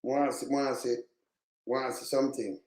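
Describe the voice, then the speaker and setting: A man's voice: mid-range voice, flat delivery, brisk, darkish tone, echoey room. A man with a Jamaican accent delivering impassioned political commentary, repeating himself for emphasis. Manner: repetitive, emphatic, patois-heavy.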